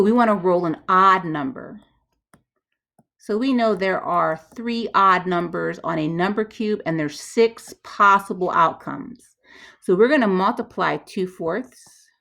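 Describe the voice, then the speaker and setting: A woman's voice: fairly low pitch, creaky, fairly bright tone. Chatty woman teaching probability. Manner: chatty, talks herself through each step. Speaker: math teacher. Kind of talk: thinking-aloud math walkthrough.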